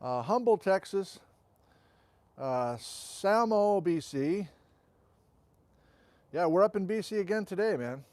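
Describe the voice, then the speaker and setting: A man's voice: high-pitched, animated, slow pace, long pauses, darkish tone, no room sound. Chatty man hosting a livestream outdoors. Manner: chatty, greets viewers and reads out where they are from. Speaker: host. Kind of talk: casual livestream chat. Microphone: wireless transmitter and receiver.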